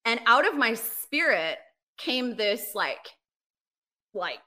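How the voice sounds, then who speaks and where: A woman with a bright, sharp-edged voice speaks as a guest on a faith podcast. She tells a personal testimony in a lively, animated way, filling her talk with "like" and "right?". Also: fairly high pitch, takes it slowly. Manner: animated storyteller, frequent "like" and "right?". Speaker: ministry leader, podcast guest. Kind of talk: casual interview, personal testimony.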